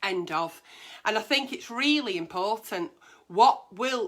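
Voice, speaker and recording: A woman's voice: mid-range voice, expressive, a little slow. A woman, hosting a casual advice chat in a blunt, brash and sweary way. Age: 40s. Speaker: agony aunt host.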